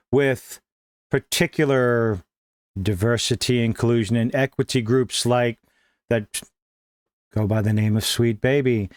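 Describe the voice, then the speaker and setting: A man giving sarcastic, emphatic gaming news commentary with dramatic pauses. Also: medium pitch, no room sound, clean studio sound. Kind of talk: opinionated online commentary.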